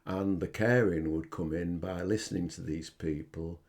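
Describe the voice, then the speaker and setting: Gravelly, low-voiced older man. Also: fairly even intonation, a little mellow. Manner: earnest, halting storytelling. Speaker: podcast host. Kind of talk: personal reflective monologue.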